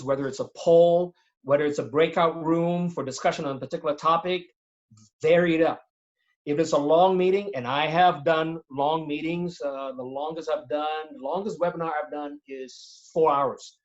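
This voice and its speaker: A man speaking as a guest on a video-call webinar, giving practical tips in an animated way, acting out examples as he goes. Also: fairly high pitch, moderate pace, lo-fi sound. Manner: animated, demonstrates tones and voices while explaining. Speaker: guest speaker on presentation skills. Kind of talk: webinar interview answers.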